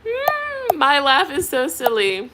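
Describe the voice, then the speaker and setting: A woman's voice: fairly high pitch, expressive, a little slow, heavy background noise. A pregnant young woman doing a tarot reading, chatting casually with viewers and laughing often. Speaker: tarot reader.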